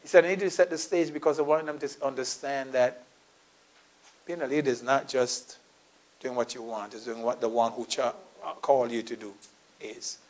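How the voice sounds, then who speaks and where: A man pastor preaching a sermon in church, telling a personal story and acting out the dialogue, swinging from quiet asides to loud emphatic preaching. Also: medium pitch, steady tone, normal speed. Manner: storytelling, acting out his own quoted dialogue; laughs at his own story.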